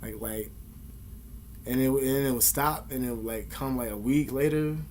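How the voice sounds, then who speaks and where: A man's voice: mid-range voice, moderate pace, darkish tone, a little hiss or hum. A young man casually telling a personal story to camera, heavy on slang, swearing and fillers. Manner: profane and slangy, with many fillers. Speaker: vlogger.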